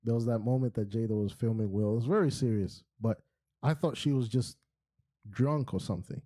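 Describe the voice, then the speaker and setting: A man co-hosting a pop culture podcast, telling stories in a casual, slangy and animated way. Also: mid-range voice, fairly quick. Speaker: podcast co-host. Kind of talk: casual chat.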